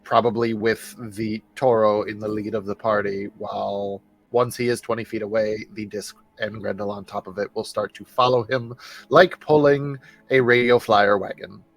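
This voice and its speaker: Casting note: low, gravelly male player, casual explanation. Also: steady tone, moderate pace, no echo, rough recording. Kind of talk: describing own character.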